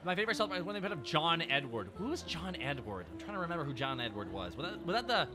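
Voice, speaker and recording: A male streamer chatting casually and excitably, laughing often and swearing freely. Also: fairly high pitch, fast, over music. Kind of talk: casual chat.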